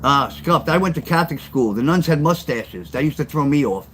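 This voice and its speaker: A man's voice: a little high, lively intonation, brisk, fairly bright tone, slight background noise. An older man, chatting loosely with his livestream viewers and telling stories in a blunt, rambling way that repeats itself. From New York. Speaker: livestream host and storyteller. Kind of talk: casual livestream chat with chat readers.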